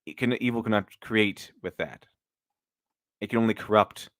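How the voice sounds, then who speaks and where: A man's voice: on the low side, moderate pace, a bit bright, no room sound, clean studio sound. A man hosting a casual live stream, rambling with many restarts and mocking critics sarcastically.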